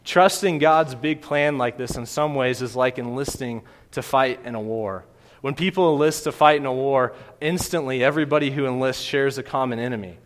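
Male preacher, mid pitch, earnest emphatic delivery, recorded with long hall reverb. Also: normal speed. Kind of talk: sermon.

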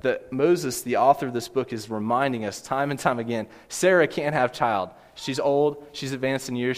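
A man preaching a sermon as pastor, earnest, asking his listeners direct questions and repeating his key points. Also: mid-range voice. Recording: long hall reverb.

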